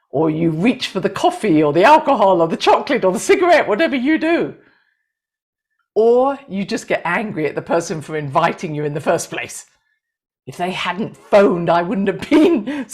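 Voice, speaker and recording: A middle-aged woman with a low voice speaks to an audience about intuition and astrology. She is animated, acts out inner voices in quick exchanges and laughs often as she talks. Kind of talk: talk to an audience.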